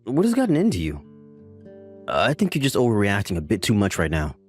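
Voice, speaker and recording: A man's voice: fairly low pitch, huge pitch swings, a little fast, faint music behind. A man voicing a defensive husband who pretends to be a success, pleading and making excuses, in a text-story dramatization.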